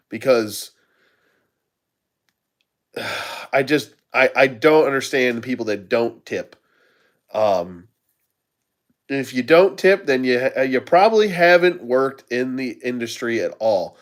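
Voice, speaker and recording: A middle-aged man hosts a casual chat and tells stories about restaurant work. His voice sits at a middle pitch, and he laughs often as he acts out the people in his stories. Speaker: channel host.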